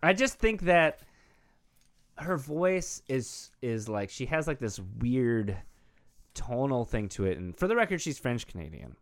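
A joking male podcast co-host in loose, casual conversation. His pitch swings widely as he teases and then backs off with a laugh. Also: sing-song, a little slow. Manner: joking, laughs often, teasing then backpedaling.

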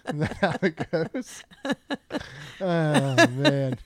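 A man's voice: fairly high pitch, big pitch swings, extremely slow, long pauses, no room sound. A man co-hosting a casual podcast, chatting and joking while reading out a food menu. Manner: chatty, jokey, reads menu items aloud. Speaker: podcast co-host.

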